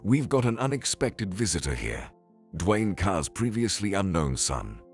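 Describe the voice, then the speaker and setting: Gruff, irritable older man read by a male narrator, low and breathy, over faint music. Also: very animated, a little slow, heavily acted. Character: bitter elderly male writer, irritable.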